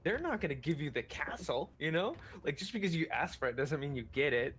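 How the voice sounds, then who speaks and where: A man's voice: a little high, sing-song, a little fast, a bit bright, a little hiss or hum. A man who is a game master, chatting casually and rambling with lots of restarts. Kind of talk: casual chat.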